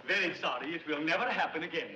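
A man's voice: fairly high pitch, fast, close to an everyday voice. A man playing a flustered, fussy manager. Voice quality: fussy, over-apologetic. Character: flustered, apologetic building manager. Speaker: building manager. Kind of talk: 1930s film acting. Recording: echoey, muffled old film soundtrack with hiss.

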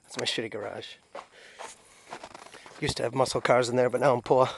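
A man's voice: medium pitch, level tone, brisk, creaky. A man casually vlogging around his home and yard, rambling and swearing, then apologizing for it. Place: outdoors at home, yard with dogs. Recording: noisy outdoor camera audio with dogs.

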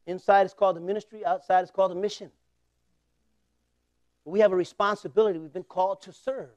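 A man in his forties, a pastor telling a humorous story in a sermon, conversational and laughing often, swinging between loud bursts and quiet asides. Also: high voice, steady tone, a little fast, dry recording, muffled recording.

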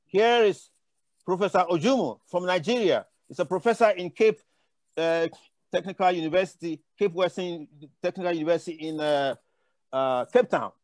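On a conference panel, an older man from Africa whose voice sits high and a little mellow speaks at a moderate pace. He tells impassioned, meandering stories with many restarts, captured without room sound.

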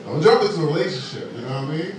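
A male stand-up comedian in a club, playful and teasing as he works the crowd. His voice rises and falls a lot. The room is echoey, the mic sits at a distance, and crowd noise is clear behind him. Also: a little high, expressive, very fast. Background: audience laughter.

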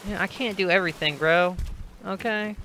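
A man giving excitable gameplay commentary, swearing and breaking into sudden yells. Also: high voice, normal speed, a little hiss or hum. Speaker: gamer.

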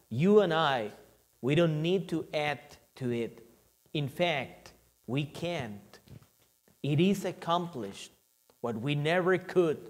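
Measured male reader in church. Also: on the high side. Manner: measured, phrase-by-phrase delivery. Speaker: reader of a reflection and prayer. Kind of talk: solemn scripted reflection and prayer.

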